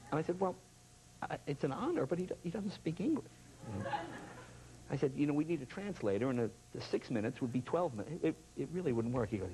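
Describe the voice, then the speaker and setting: A man telling a comic story as a talk show guest, animated and laughing, with lots of voices and sound effects. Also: on the high side, fast. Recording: noisy television studio audio.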